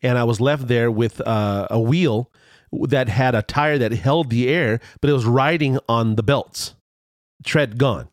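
A man telling a road story in casual chat, rambling with restarts and fillers, and his voice jumps higher when he gets excited. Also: unhurried, no echo, studio quality.

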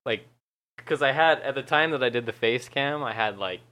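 A man's voice: mid-range voice, moderate pace, bright, forceful tone. A young man chatting casually on a podcast, laid-back and swearing often, laughing at himself. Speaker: YouTuber and podcast guest.

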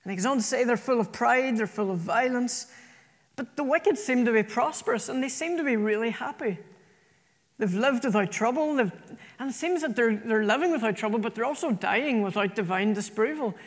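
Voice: mid-range voice, brisk. A preacher delivering an earnest sermon, often repeating phrases for emphasis. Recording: long reverb from a hall.

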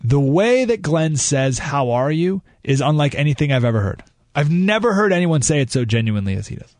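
A male talk radio host in a dry studio. His voice sits a bit high and swings widely in pitch as he rants, breaking off and restarting his thoughts. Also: a little fast, no echo. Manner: animated, ranting, self-interrupting. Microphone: studio mic.

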